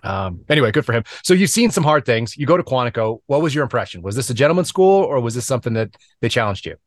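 Fast-talking man hosting an interview. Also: medium pitch, dry recording, clean studio sound. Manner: lively rambling storyteller. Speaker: podcast host. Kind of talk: conversational interview.

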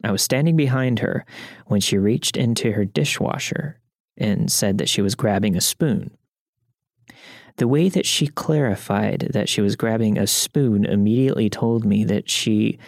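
A man narrating first-person stories as scripted narration, even and matter-of-fact. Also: lowish voice, no echo, studio quality. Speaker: story narrator.

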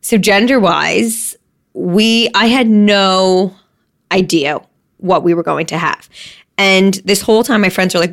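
A woman's voice: mid-range voice, a little slow. Candid woman hosting a podcast. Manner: open and emotional, with casual swearing; conversational, addressing listeners directly. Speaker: podcast host. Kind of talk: candid solo podcast talk.

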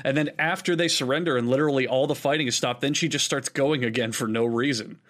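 A man chatting on a podcast, lively and acting out what characters say. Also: medium pitch, quick pace. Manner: animated, acts out characters' lines. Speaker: podcast co-host. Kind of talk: casual group podcast chat.

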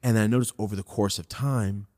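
A man hosting a podcast, telling a story in a loose, profane, rambling way while high. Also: fairly even intonation, a little fast, darkish tone, no room sound, studio quality. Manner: profane, rambling, laid-back. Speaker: podcast host. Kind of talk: casual storytelling.

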